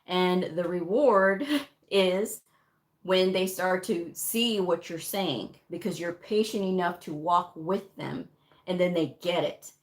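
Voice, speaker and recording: A woman's voice: fairly low pitch, slow pace. A woman teaching medical coding in a casual livestream, talking frankly and speaking straight to her viewers. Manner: frank, chatty, addresses viewers directly.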